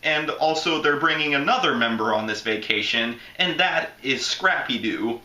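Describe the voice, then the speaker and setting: A man's voice: medium pitch, lively intonation, moderate pace, very noisy. A man from Florida with a Southern accent, chatting casually through a movie review and breaking into goofy voices. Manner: chatty, jumps into goofy impressions. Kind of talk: casual video commentary. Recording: echoey room.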